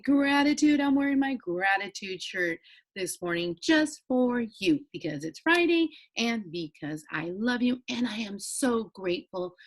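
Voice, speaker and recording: A woman teaching an online phonics lesson to young children, sing-song and encouraging, spelling letters out slowly. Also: mid-range voice. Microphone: computer mic, screen-share recording.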